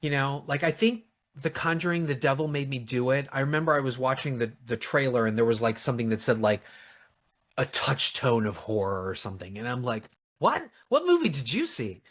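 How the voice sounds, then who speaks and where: A man co-hosting a casual film review, animated and swearing often, acting out lines from the movie in mocking voices. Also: mid-range voice, brisk. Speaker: podcast co-host reviewing films.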